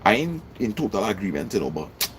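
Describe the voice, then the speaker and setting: A man's voice: sing-song, a little fast, slight background noise. Emphatic Trinidadian man preaching casually. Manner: emphatic, repeats lines for effect, jumps high in pitch. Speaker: vlogger. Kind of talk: casual motivational talk.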